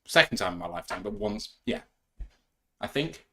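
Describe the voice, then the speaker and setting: A man's voice: on the high side, wildly swooping pitch, normal speed, gravelly, sharp tone. Young British male co-host, giddy and chatty, lots of laughter. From England. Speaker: podcast co-host. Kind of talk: casual chat.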